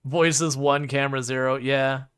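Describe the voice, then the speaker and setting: A man's voice: mid-range voice, level tone, a little slow, a bit bright, clean tone. Chatty man streaming a truck game. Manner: chatty, rambling, full of fillers, playfully mocks the game. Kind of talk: casual live-stream chat.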